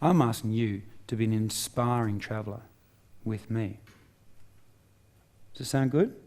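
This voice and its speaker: A fairly low, darkish voice at a measured pace belongs to a middle-aged Australian man speaking motivationally on stage before a live crowd. He drives his ideas home by repeating them emphatically and posing rhetorical questions.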